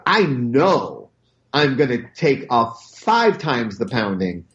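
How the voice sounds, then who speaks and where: A man with a Cleveland accent chatting casually as a podcast guest, animated and full of stammered restarts. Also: medium pitch, takes it slowly, highs cut off. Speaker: comic book writer guest.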